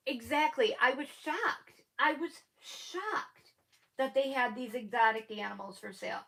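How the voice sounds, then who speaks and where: A woman's voice: a little high, vocal fry, a bit bright, low-quality recording. A woman with a noticeable lisp hosting a live stream, chatting casually and rambling with her viewers, laughing often.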